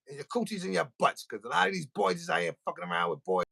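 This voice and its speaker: Gravelly, animated man ranting on a podcast. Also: a little high, fast talker. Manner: animated, profane, comic storytelling. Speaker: podcast host. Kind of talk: casual podcast rant. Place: studio.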